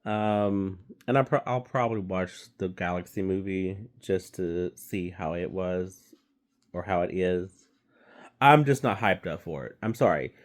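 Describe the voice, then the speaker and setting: Slow, low-voiced man ranting casually. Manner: rambling, profane, frequent fillers and restarts. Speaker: movie reviewer.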